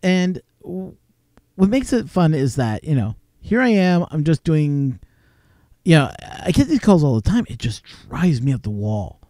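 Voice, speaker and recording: Mellow-voiced man, rambling on stream. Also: on the high side, very animated, measured pace, no room sound, studio quality. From Canada. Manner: rambling, chuckling storytelling with many fillers. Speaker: live streamer. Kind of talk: casual live-stream chat and storytelling. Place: home, talking on a live stream.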